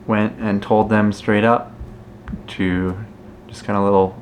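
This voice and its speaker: A young man recaps family news for a vlog. He explains things plainly, without fuss. His voice sits a bit low, over faint background hiss. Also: level tone, slow. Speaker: family vlogger. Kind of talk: casual vlog narration.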